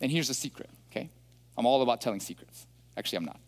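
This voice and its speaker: A man's voice: mid-range voice, expressive, rapid-fire. A man preaching a sermon as a pastor, chatty, often checking in with listeners. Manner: chatty, asks listeners questions. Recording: long hall reverb.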